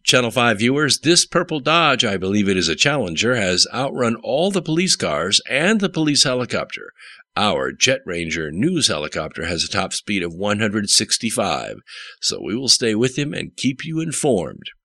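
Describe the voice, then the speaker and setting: A man's voice: on the low side, very animated, moderate pace, sharp tone, no echo, voice pushed up, full character voice. A man voicing a bossy female TV news reporter with a commanding, broadcast-style delivery.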